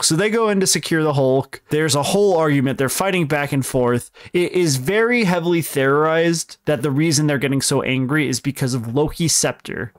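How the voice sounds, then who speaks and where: A man's voice: on the high side, fairly quick, hardly any pauses, dry recording, clean studio sound. A young man co-hosting a casual podcast, recapping a story at length in a rambling, self-correcting way. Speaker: podcast co-host explaining films.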